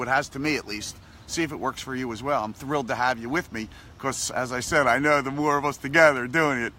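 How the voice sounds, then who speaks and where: A man giving a casual motivational talk, animated and repetitive in a coaching tone. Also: mid-range voice, a little hiss or hum. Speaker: motivational vlogger.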